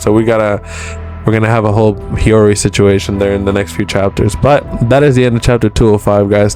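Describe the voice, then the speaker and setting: A man's voice: lowish voice, a little mellow. A young man hosting a casual manga chapter review, talking loosely in slang and swearing as he recaps the story. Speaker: host.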